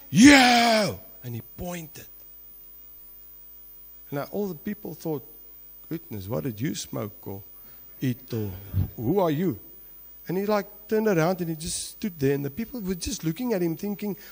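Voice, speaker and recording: South African pastor, high voice, lively sermon, hushed to shouting, church reverb. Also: male voice. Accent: South African English. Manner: animated storytelling, swings from hushed to shouting. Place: church hall. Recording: long hall reverb.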